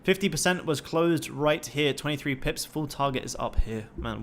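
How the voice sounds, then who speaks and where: A man's voice: on the high side, lively intonation, normal speed, a bit bright, a little hiss or hum. A young man hosting a trading livestream, talking casually and swearing constantly in a pumped-up, motivational way.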